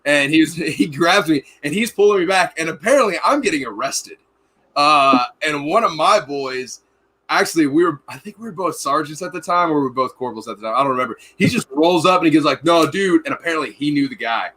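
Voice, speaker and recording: Bright-voiced man telling rowdy stories. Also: on the high side, animated, fast. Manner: swearing, rambling anecdotes with acted-out quotes. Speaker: podcast host. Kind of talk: casual storytelling chat.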